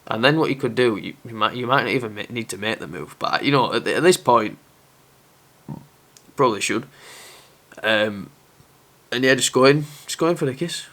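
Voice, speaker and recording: A man's voice: mid-range voice, lively intonation, normal speed, pauses often, a bit bright. A young man talking casually to camera as a dating advice presenter, candid and self-aware.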